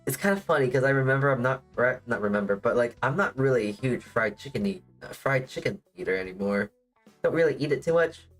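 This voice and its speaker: A VTuber streamer chats casually on a livestream, rambling, leaning heavily on "like," and making fun of himself. His voice is at an ordinary middle pitch, animated and fast, and the rough recording has faint music playing quietly underneath.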